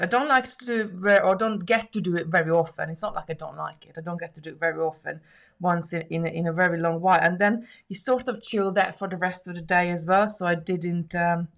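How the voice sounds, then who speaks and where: Chatty woman with a lowish voice. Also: steady tone, fairly quick, vocal fry. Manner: chatty, reads viewer comments aloud, laughs often, many restarts. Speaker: live stream host making jewellery. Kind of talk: casual live stream chat.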